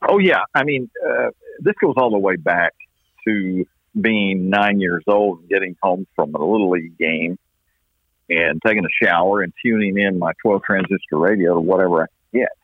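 Deep-voiced Texas man telling stories by phone. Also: no room sound. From East Texas. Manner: folksy, unhurried storyteller with many restarts. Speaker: baseball play-by-play announcer, guest. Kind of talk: storytelling interview chat. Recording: dry tinny phone-line sound.

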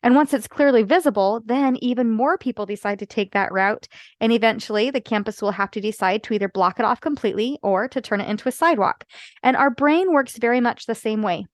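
A woman's voice: on the high side, a little fast, no room sound, studio quality. A woman podcaster and life coach talking earnestly to listeners, explaining ideas step by step and checking in with frequent asides. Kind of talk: solo podcast talk.

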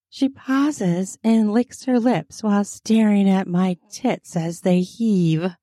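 Woman narrator, erotic story, very slow, mellow dark tone, dry close sound. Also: medium pitch, no echo. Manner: intimate, unhurried storytelling.

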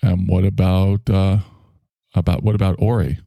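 A man's voice: low-pitched, level tone, moderate pace, creaky, warm tone, dry recording, clean studio sound. A man hosting a solo comedic monologue, rambling in a wry, self-mocking way. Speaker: host.

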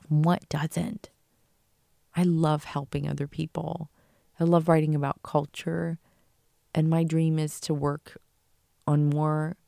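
A woman's voice: extremely low pitch, vocal fry, mellow, dry recording, clean studio sound. A woman hosting her own podcast, giving an earnest, emotional motivational talk and swearing casually. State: tearful at times. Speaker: podcast host.

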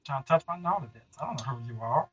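A man's voice: on the high side, lively intonation, fast talker, a bit bright, lo-fi sound. A man voicing a boastful, lonely three-legged forest creature who talks in laid-back slang. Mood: defensive. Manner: laid-back slangy drawl, brags about speed.

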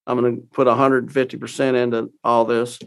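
A gravelly-voiced Texan man in his sixties tells a long personal story as an interview guest. He drops into the voices of the people he quotes, and his pitch sits at an ordinary middle. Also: a little fast. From Texas. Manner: animated storyteller acting out quoted dialogue.

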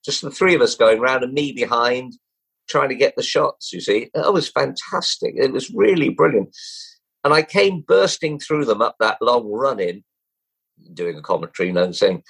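A man's voice: mid-range voice, normal speed, creaky, slightly rough, poor audio. An older man, a former jockey turned broadcaster, telling stories as an interview guest, acting out quoted voices and chuckling as he goes. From England. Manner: lively, acts out quoted voices, chuckles, restarts often. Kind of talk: anecdotal storytelling.

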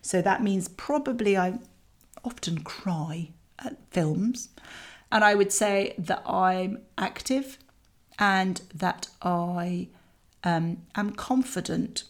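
A middle-aged woman, coaching parents in a chatty, candid way with lively asides. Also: medium pitch, takes it slowly. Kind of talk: talking to parents about a child exercise.

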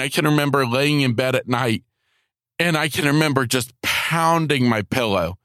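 A man hosting a podcast, telling a heartfelt personal faith testimony in a halting way, often repeating his words. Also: on the high side, a bit bright, no room sound, studio quality. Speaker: podcast host.

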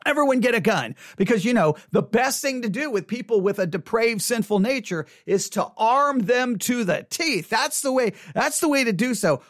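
A man's voice: high-pitched, lively intonation, normal speed, hardly any pauses, no room sound, clean studio sound. A man giving an impassioned opinion monologue, mockingly repeating slogans over and over. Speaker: commentator.

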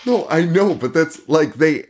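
A man's voice: a little high, expressive, measured pace, a little hiss or hum. Laughing, profane young man. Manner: profane, laughing, acts out movie lines. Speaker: podcast co-host. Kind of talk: casual horror movie chat.

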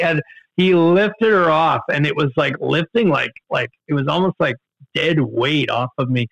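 A man telling a story in casual conversation, animated, with many fillers and restarts. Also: moderate pace, gravelly, no echo, low-quality recording. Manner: animated, jumps in pitch for quoted outbursts, many fillers and restarts. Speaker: guest storyteller.

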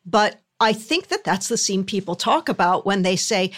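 A woman guest telling stories in a casual chat, thoughtful and halting. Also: medium pitch, lively intonation. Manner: thoughtful, halting, restarts phrases. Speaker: guest, series creator.

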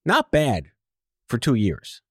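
A man's voice: mid-range voice, huge pitch swings, slow pace, a bit bright, husky, dry recording, clean studio sound. A man hosting a podcast interview, chatty and teasing with his guest. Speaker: podcast host. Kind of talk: casual interview chat.

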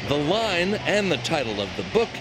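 A man voices a television news feature in a measured storytelling tone. His pitch moves with lively emphasis, and a faint hiss sits under the voice. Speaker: correspondent. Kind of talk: broadcast news narration.

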